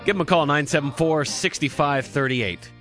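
A man hosting a radio talk show, chatty and quick to affirm his guest. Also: fairly high pitch, fairly bright tone, faint music behind. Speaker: host. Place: radio studio.

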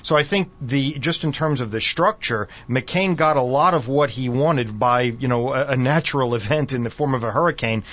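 A man's voice: medium pitch, normal speed, hardly any pauses, fairly bright tone. A man, a professor and author, explaining political strategy fluently as a radio guest. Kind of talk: casual political discussion. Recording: dull lo-fi radio broadcast.

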